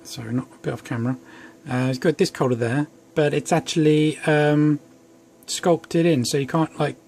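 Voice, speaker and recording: Reviewing an action figure at home, a young toy reviewer talks in a fairly high, darkish voice with fairly even intonation. His moderately paced chatter rambles and includes self-deprecating remarks, and there's faint background noise.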